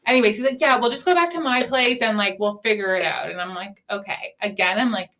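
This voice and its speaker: A woman's voice: mid-range voice, quick pace, bright, forceful tone. A young woman hosting a podcast, candidly telling a dating story in casual chat, saying "like" often and swearing freely. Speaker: podcast host.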